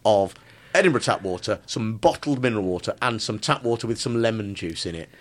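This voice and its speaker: A man's voice: on the low side, brisk. A man co-hosting a casual comedic chat, telling stories with wry humour. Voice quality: animated, wry storytelling. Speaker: podcast co-host.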